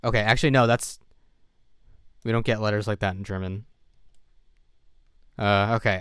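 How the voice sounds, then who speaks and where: A man's voice: lowish voice, fairly even intonation, normal speed, long pauses, fairly bright tone, smooth, no room sound, clean studio sound. A man streaming from home, thinking aloud as he plays, second-guessing himself and sounding tired. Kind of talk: casual live-stream commentary while gaming.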